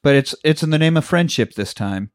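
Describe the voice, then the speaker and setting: Speaking a little high and fairly quickly, this podcast co-host sounds animated as he recaps a film in casual conversation. He's profane and jokey, laughs a lot, and acts out scenes.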